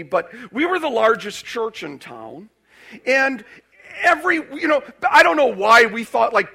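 High, lively, gravelly-voiced man preaching. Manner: animated, with many restarts and acted-out quotes. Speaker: pastor. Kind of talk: sermon storytelling.

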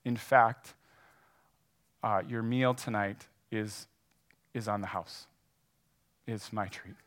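A man voicing a calm restaurant owner who speaks with compassion and command. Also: mid-range voice, measured pace, close to an everyday voice. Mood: gentle.

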